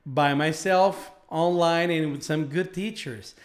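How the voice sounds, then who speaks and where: A man's voice: fairly high pitch, takes it slowly. A man voicing a polite young Brazilian exchange student who gives earnest answers.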